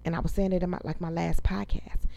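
A woman's voice: on the low side, flat delivery, fast, vocal fry, dark tone. A woman, venting to viewers as host of her own casual talk show, emphatic and profane. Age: 30s. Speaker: podcast host. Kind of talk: casual storytelling rant.

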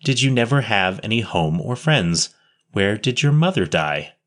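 A man's voice: fairly low pitch, very animated, measured pace, a bit bright. A man voicing a kindly nun who questions a street boy tenderly, reading a story aloud. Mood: gently questioning. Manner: tender, pitying, coaxing. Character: kindly gentle nun, adult woman.

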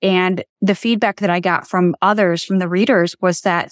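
A woman's voice: fairly low pitch, fairly even intonation, moderate pace, hardly any pauses, no room sound, studio quality. A woman hosting a podcast interview, who talks in an earnest, reflective way and brings her faith into the conversation. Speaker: podcast host.

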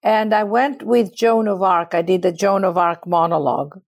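A woman's voice: mid-range voice, normal speed. A middle-aged woman from Greece with a Greek accent, telling stories passionately in an interview. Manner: passionate, expressive storyteller. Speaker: guest. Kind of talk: storytelling in conversation.

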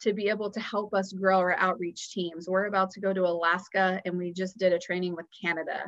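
A woman guest on a podcast, telling a personal story in an earnest, animated way. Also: on the low side, brisk, highs cut off. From Houston area, US. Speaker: guest, founder of a nonprofit.

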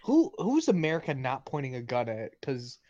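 A man's voice: mid-range voice, normal speed, lo-fi sound. A young man co-hosting a podcast in casual joking chat, rambling and swearing freely. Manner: profane, rambling, animated. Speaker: podcast co-host.

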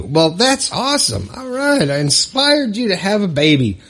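A man's voice: sits high, huge pitch swings, moderate pace, few pauses, a bit bright. A man hosting his own motivational podcast alone, talking casually and upbeat with frequent fillers and asides. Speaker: podcast host. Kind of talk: solo motivational podcast monologue.

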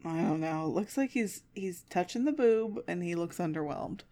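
A woman's voice: mid-range voice, animated, normal speed, mellow. Sarcastic, swearing woman podcaster. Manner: sarcastic, swears, laughs often. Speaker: podcast co-host. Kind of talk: casual chat.

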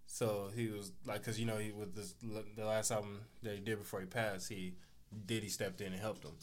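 A man's voice: lowish voice, flat delivery, fairly quick. Laid-back man from Southern California. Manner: laid-back storytelling, acts out quotes in raised voices. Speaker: podcast host. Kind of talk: casual chat.

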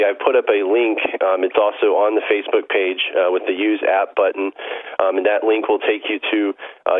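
A man on a tinny phone line explains things haltingly, filling his pauses with ums and uhs. His voice is fairly low and the sound is dry. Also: no room sound. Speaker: guest calling in. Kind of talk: casual explanation on a call.

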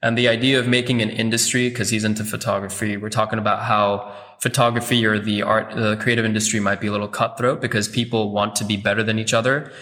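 A man hosting an interview, chatting in a relaxed, agreeable way and asking follow-up questions. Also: lowish voice, quick pace. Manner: relaxed, agreeable, prompts with "mm" and "yeah". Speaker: interview host. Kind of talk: casual interview chat. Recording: long reverb.

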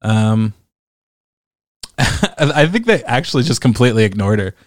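A man's voice: medium pitch, big pitch swings, unhurried, no room sound, studio quality. Profane, exasperated man ranting dryly. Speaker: commentator reading online comments. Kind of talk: casual ranting commentary.

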